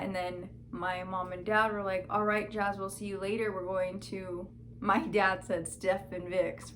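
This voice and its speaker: A woman's voice: medium pitch, slight background noise. A young woman vlogger telling a story in casual chat, full of "like" and acted-out quotes. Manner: chatty, fillers like "like", quoted dialogue.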